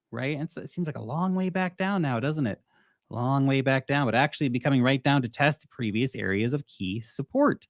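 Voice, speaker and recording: Australian male host, animated and jokey market chat, average pitch, dry close-miked sound. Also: no room sound. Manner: animated, joking, mocks investors in put-on voices. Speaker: crypto video host. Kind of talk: casual market commentary.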